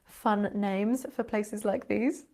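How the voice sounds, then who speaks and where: A woman's voice: medium pitch, fairly even intonation, slow pace, dark tone. A British woman, an English teacher and channel host, explaining word differences playfully with frequent laughs and teasing asides. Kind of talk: explaining vocabulary to camera.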